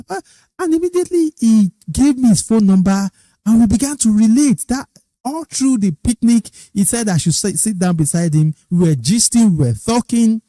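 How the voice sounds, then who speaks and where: A middle-aged Nigerian man hosting a podcast, telling stories in a lively, casual way. He often repeats and restarts his phrases, and he jumps up high when he quotes excited people. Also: no room sound. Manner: animated, quoting others in raised excited tones. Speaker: podcast host. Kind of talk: casual storytelling monologue.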